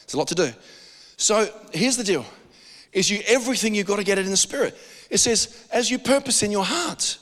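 A man with an Australian accent preaching a sermon as pastor, animated and joking, with frequent restarts. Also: high-pitched, fairly quick, big-room sound.

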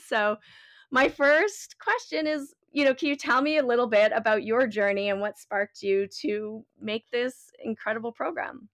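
A woman's voice: on the high side, fairly bright tone, no echo. A woman podcast host asking her guest questions in a casual, chatty way. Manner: casual and chatty, with frequent filler phrases.

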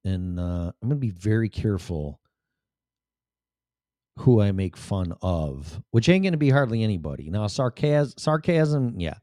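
Animated, blunt-talking man. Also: on the low side, a little slow, dry recording, studio quality. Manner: blunt, profane, animated storytelling. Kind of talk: personal storytelling monologue.

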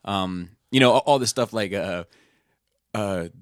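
A man's voice: on the low side, unhurried, no echo, studio quality. A man hosting a podcast in casual chat, rambling and profane as he retells scenes. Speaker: podcast host.

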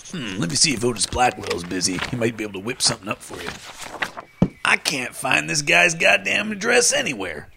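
A man playing a sarcastic buddy who cracks deadpan jokes. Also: medium pitch, fairly quick, gravelly. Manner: deadpan wisecracks. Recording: noisy background.

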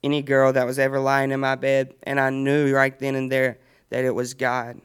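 A man's voice: mid-range voice, completely flat delivery, moderate pace, clear, resonant tone. A young man telling his personal faith testimony earnestly in a casual chat, often laughing as he speaks. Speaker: guest sharing testimony.

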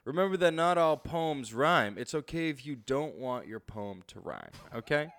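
A man's voice: medium pitch, sing-song, moderate pace, fairly bright tone. A man co-hosting a casual comedic chat, reading writing tips aloud with jokey asides. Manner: reads tips aloud with jokey asides, tags lines with "right?". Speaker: co-host.

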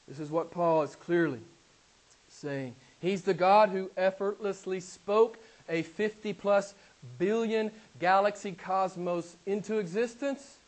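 Emphatic high-voiced preacher. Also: male voice. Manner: emphatic, swinging from loud declarations to hushed asides. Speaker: pastor. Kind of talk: sermon.

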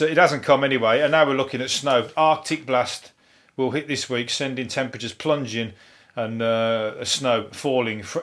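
A man's voice: medium pitch, a bit bright. A man with a Birmingham accent hosting a solo podcast, rambling casually with swearing, self-mocking jokes and restarts. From England. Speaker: podcast host.

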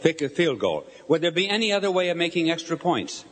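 Older male preacher, very expressive pitch, live sermon in a reverberant hall, chatty with the audience. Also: brisk, slight background noise. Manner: animated storyteller, asks the audience questions. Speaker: bishop preaching.

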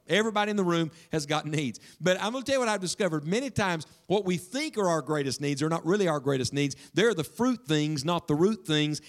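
A man preaching a sermon to his congregation in a church, emphatic and questioning, dropping suddenly to a hush. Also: a little high. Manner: speaks directly to the congregation with questions. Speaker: pastor.

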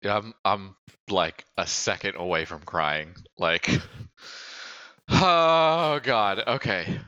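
A man's voice: fairly low pitch, animated, drawn-out words, pushed and bright, no room sound, muffled recording. A male podcast co-host, tearful, talking in an effusive, rambling way with many restarts. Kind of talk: casual chat.

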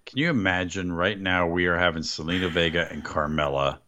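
A man co-hosting a podcast in casual chat, incredulous and quick to agree. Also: low voice, bright, forceful tone. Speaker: podcast co-host.

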